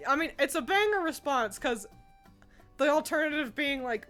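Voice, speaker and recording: Young woman streamer, slightly high voice, giggles between lines, swears bluntly while reading chat. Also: animated, moderate pace, a bit bright, soft background music. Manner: giggly, laughs often between remarks. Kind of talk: casual chat reading live comments.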